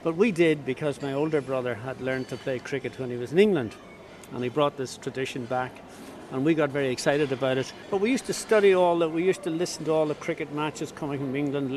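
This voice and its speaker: A man's voice: medium pitch, steady tone, a little fast, a little mellow, a little hiss or hum. An older man fondly recalling his youth in an interview, telling it as a story. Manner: fond, storytelling recollection. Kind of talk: reminiscing interview.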